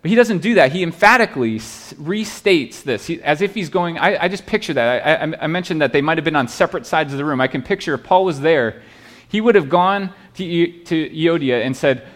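A man's voice: a little high, expressive, brisk. Earnest male pastor preaching. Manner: earnest, pleading, with many restarts and rhetorical "right?". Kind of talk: sermon.

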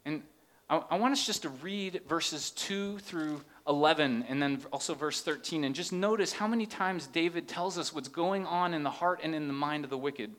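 A man's voice: a little high, normal speed, a bit bright. A man preaching a sermon, earnest and rising into impassioned questions as he reads scripture. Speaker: pastor.

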